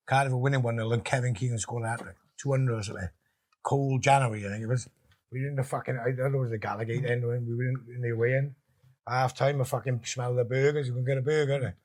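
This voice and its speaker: A man's voice: mid-range voice, fairly even intonation, quick pace, darkish tone. A middle-aged man telling a story as a guest in a casual chat. He talks colloquially and swears as he builds to the punchline.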